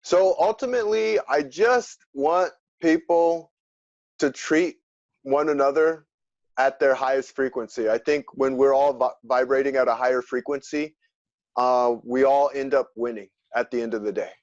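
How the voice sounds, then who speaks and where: A man's voice: medium pitch, normal speed, darkish tone, no echo. Earnest man on dull lo-fi audio. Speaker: podcast guest. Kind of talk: casual interview chat.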